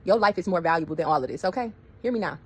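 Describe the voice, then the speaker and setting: Fast-talking woman telling a wild story. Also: lowish voice, expressive, a little mellow, breathy edge. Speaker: storyteller vlogger. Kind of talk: casual storytelling vlog.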